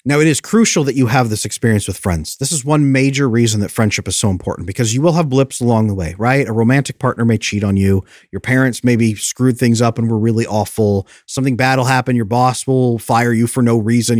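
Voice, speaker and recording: A man's voice: medium pitch, quick pace, hardly any pauses, a little mellow, no echo. Earnest man coaching in a dry, close sound. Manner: coaching, earnest, brief exaggerated voices for quoted thoughts. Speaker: attachment specialist, guest. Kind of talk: earnest explanatory advice.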